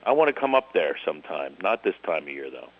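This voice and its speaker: Animated middle-aged Philadelphia comedian on a phone. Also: male voice, rumbling low, fast, no echo, phone-quality sound. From Philadelphia, USA. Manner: animated storyteller, lively voice jumps. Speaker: guest comedian. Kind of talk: casual comedic phone interview.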